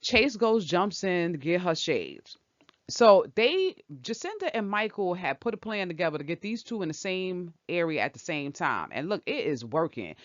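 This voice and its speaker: Woman host, opinionated and chatty, low-set but very animated delivery, dry muffled recording. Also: dry recording. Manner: chatty and opinionated, talks back at the characters. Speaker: channel host. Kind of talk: casual soap opera recap. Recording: dull lo-fi, dry sound.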